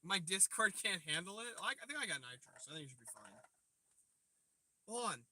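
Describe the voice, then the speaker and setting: High-voiced man bantering on a livestream. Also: sing-song, a little fast, sharp tone. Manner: profane, joking banter. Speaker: livestream host. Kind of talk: casual live chat with viewers. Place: parked car by a river at night. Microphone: phone propped on the dash.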